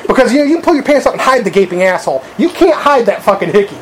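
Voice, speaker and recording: A man's voice: high-pitched, expressive, rapid-fire, background noise. A man telling a crude, rambling anecdote in casual chat, swearing freely and laughing at his own story.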